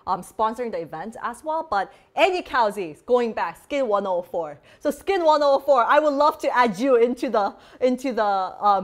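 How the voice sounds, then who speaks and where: A woman hosting a beauty vlog, chatting casually and bubbly while demoing products, with lots of "like" fillers. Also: a little high. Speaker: beauty vlogger host. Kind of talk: casual live product demo chat.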